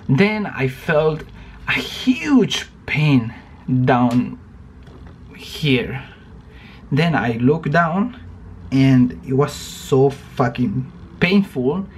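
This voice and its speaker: Slow, halting man vlogging at home. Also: mid-range voice, a little hiss or hum. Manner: slow, halting and repetitive, swears often. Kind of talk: casual vlog monologue. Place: home bedroom.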